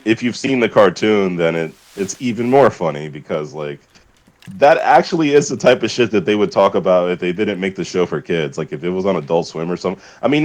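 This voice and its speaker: A deep-voiced man from the US chatting on a live stream. He rambles with lots of fillers and swearing, laughing between thoughts. His delivery is loose and unscripted. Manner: rambling, profane, laughing often, many fillers. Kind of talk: casual chat.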